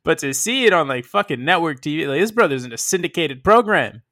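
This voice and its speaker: A man co-hosting a podcast, talking in an animated way and swearing freely. His voice is bright and slightly high, and it swings widely in pitch. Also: brisk. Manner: animated, swears and laughs often. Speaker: podcast co-host. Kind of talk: casual chat.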